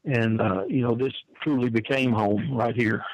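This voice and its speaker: A man's voice: medium pitch, steady tone, normal speed, no echo, poor audio. An older man, telling wrestling stories in a folksy way and often repeating his words. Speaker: wrestling manager guest. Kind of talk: storytelling interview answer.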